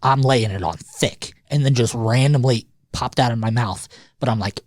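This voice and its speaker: A man's voice: fairly low pitch, normal speed, dry recording. Man telling a rambling story, dry sound. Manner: rambling, self-correcting anecdotes with swearing and laughter. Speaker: podcast co-host. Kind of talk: casual storytelling chat.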